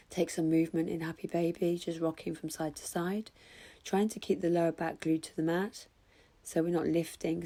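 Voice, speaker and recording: A woman guiding a yoga class with calm, slow cues. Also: on the low side. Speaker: yoga instructor. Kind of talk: guided yoga instruction.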